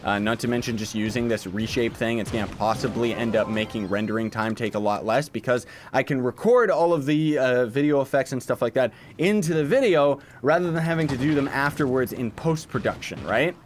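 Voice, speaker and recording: A man's voice: medium pitch, brisk, few pauses, slight background noise. A man streaming gameplay live, joking at his own expense and reacting aloud to chat messages. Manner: jokey, self-mocking, reacts aloud to chat. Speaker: gaming streamer.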